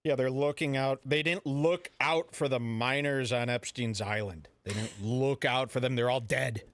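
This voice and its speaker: A man hosting a radio show, ranting in a brash, mock-serious and deliberately offensive way. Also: medium pitch, a bit bright, no room sound. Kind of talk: provocative comedic talk radio rant.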